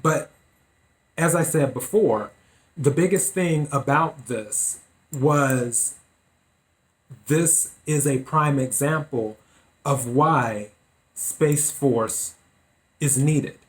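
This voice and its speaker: A male podcast host delivers solo commentary in an unhurried, deliberate way. His voice sits at a middle pitch, and he states his opinions plainly, taking his time over each point.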